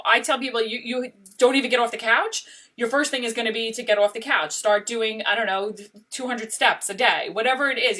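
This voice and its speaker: A woman's voice: on the high side, bright, forceful tone. Emphatic woman coach, slightly distant mic. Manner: emphatic, keeps checking in with "okay?" and "right?". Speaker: life coach and host. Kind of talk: casual motivational talk.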